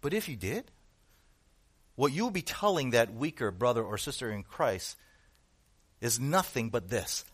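A man's voice: mid-range voice, big pitch swings, moderate pace, long pauses. A male pastor preaching a sermon to his congregation, with rhetorical questions and rising emphasis. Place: church room with a congregation.

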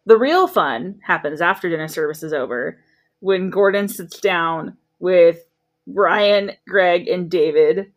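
A woman's voice: fairly low pitch, slow. Sarcastic woman recapping a show. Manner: breezy, sarcastic storytelling with swearing. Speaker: podcast co-host recapping a show. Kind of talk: casual chat.

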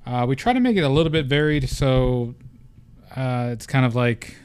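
A man's voice: mid-range voice, expressive, moderate pace, a little mellow, clear, resonant tone. A young man hosting a gaming podcast, chatting loosely, joking and swearing freely. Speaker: podcast host. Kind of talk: casual gaming podcast chat.

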